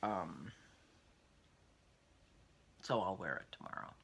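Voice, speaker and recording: A woman's voice: extremely low pitch, expressive, slow, vocal fry, a bit bright, breathy edge. An older woman hosting a casual vlog, chatting in a rambling way as she thinks aloud. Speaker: podcast host.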